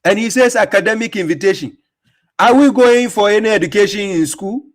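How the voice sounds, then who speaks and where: Brisk and high-sitting, this male voice belongs to a host reacting to a video. His commentary is mocking and forceful, punctuated by frequent laughter and repeated words.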